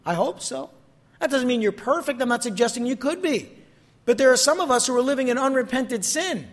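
A man preaching a sermon, reading scripture expressively and explaining it, his voice lifting on quoted verses and dropping low on conclusions. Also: expressive, brisk. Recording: long reverb in a large hall.

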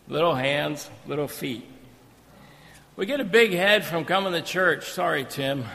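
A man preaching a sermon in a church, animated and storytelling with joking asides. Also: fairly high pitch, normal speed, creaky, in a large hall. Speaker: visiting missionary preacher. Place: church sanctuary.

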